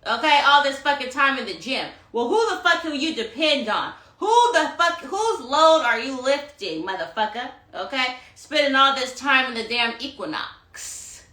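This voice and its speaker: A woman's voice: high voice, lively intonation, normal speed, hardly any pauses, sharp tone, reverberant. A woman giving a tarot reading on a phone live stream, sassy and profane, preaching self-love and calling her listeners honey. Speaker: tarot reader. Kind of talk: Instagram live astrology rant.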